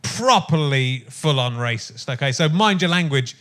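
A man's voice: a little high, animated, normal speed, a bit bright. A man in his fifties hosting a podcast conversation, earnest and reflective as he searches for his words. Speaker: podcast host. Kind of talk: casual conversation.

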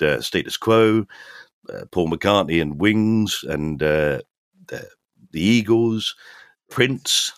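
Lively older man telling stories. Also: lowish voice, dry recording, clean studio sound. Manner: animated storyteller, acts out quoted voices. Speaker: guest. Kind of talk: casual anecdotes.

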